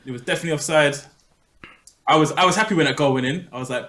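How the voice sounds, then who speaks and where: A young man co-hosting a podcast chats casually in a fairly high, slightly bright voice at a fast pace. He speaks emphatically and keeps repeating his points.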